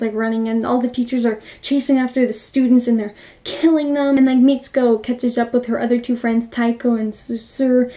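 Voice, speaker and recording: A woman casually retelling a movie's plot for a review, excitable and rambling, with lots of 'like' fillers. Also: a little high.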